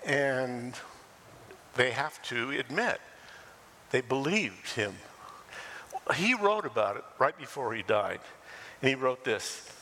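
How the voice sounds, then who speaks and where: An older man preaching a sermon as pastor, lively and animated, acting out quoted voices and laughing now and then. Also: mid-range voice, in a large hall.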